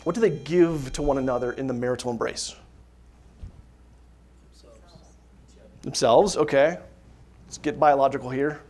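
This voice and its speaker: A man's voice: medium pitch, fairly quick, darkish tone. A man giving a casual faith talk to a group of parents, full of rhetorical questions and asides like "right?". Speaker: catechist teaching parents. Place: parish hall dinner gathering.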